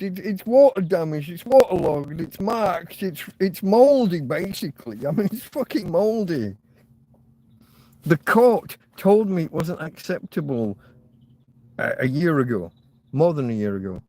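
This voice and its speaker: A man's voice: high-pitched, lively intonation, measured pace, long pauses, warm tone. An English man hosting his own podcast, ranting angrily and swearing, close to tears. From England. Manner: agitated, swearing, near tears. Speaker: podcast host. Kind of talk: angry ranting monologue.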